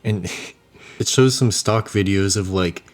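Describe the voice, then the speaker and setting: A man's voice: on the low side, takes it slowly. A young man giving casual, mocking commentary as a video creator, rambling loosely and chuckling often. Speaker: YouTuber reviewing a movie while sculpting.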